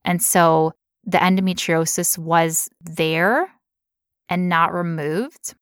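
A woman's voice: lowish voice, slow, no echo, clean studio sound. Woman explaining health topics, laughing often. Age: adult past teen years. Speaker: podcast co-host. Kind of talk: casual health podcast explanation.

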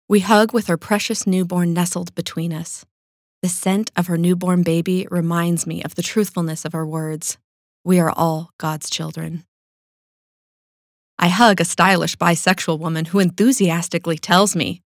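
A woman reading her own personal essay aloud in a calm, measured, sincere way. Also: lowish voice, no room sound, clean studio sound.

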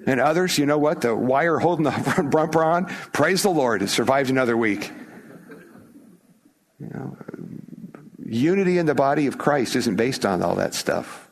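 Middle-aged man from the US, preaching a sermon, chatty and emphatic with frequent restarts, mid pitch. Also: lively intonation, moderate pace, vocal fry. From United States. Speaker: pastor.

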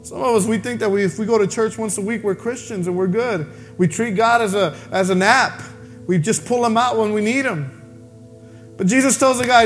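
A man preaching a sermon, telling a story with lively acted-out voices. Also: high voice, a little fast, soft background music. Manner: animated preaching, acts out voices in his story. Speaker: pastor.

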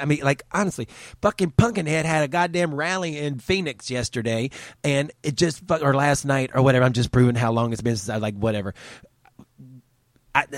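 A man with a drawl rants hotly, swearing freely and laying on the sarcasm. His voice sits at an ordinary middle pitch. The sound is dry and close, with no room in it. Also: no room sound. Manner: profane, heated, sarcastic. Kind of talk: angry ranting monologue.

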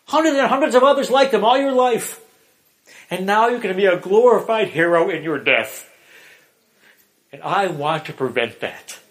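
A man voicing an earnest male priest who solemnly urges a condemned friend, speaking slowly and deliberately. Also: on the high side, fairly bright tone. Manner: solemn, urging, slow and deliberate. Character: earnest older male priest pleading with a convict.

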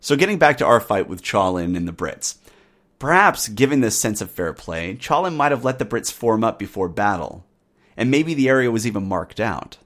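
Lively, low-voiced male history narrator. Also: normal speed. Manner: wry, conversational asides. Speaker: history podcast host. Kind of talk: scripted narration.

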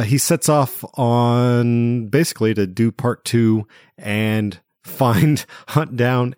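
A man hosting a casual film discussion podcast, talking in a relaxed, hesitant way with many fillers. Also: lowish voice, no echo, clean studio sound. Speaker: podcast host.

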